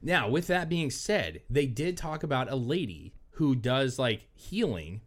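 A man's voice: mid-range voice, unhurried. A man co-hosting a podcast, telling stories in casual, profane chat and acting out the voices of people he quotes. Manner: animated storytelling, profane, acts out quoted voices. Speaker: podcast co-host.

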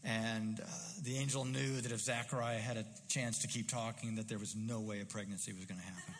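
A man's voice: fairly low pitch, steady tone, brisk, in a large hall, slight background noise, rough recording. A man preaching a sermon in a conversational, musing way with frequent fillers.

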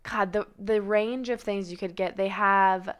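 A young woman from Arizona talking as a podcast guest in a casual, animated way, full of "like" and "dude". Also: medium pitch, a little slow, clear, resonant tone. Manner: animated, chatty, heavy on "like" and "dude".

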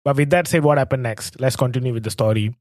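A man's voice: medium pitch, fast, a little mellow, no room sound. Reflective male podcast host, dry sound. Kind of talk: interview prompting.

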